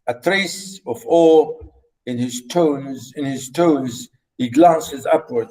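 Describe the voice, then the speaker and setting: A literature teacher with a somewhat high, dark-toned voice walks through a play line by line, often rephrasing his points. He repeats himself and halts with fillers, and the recording is rough.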